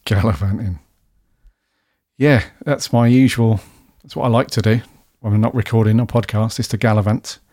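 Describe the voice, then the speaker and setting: A man's voice: mid-range voice, fairly even intonation, fairly quick, few pauses, darkish tone. A man hosting a casual podcast, chatty, jokey and easygoing. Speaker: podcast host.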